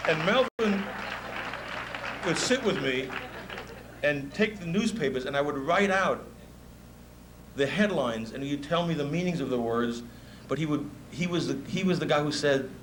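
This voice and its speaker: A man's voice: fairly high pitch, normal speed, a faint crowd, a little hiss or hum, low-quality recording. A man in his fifties with a New York accent, a music promoter telling stories in a speech and laughing often. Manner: animated storyteller, laughs often. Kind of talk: anecdotal speech.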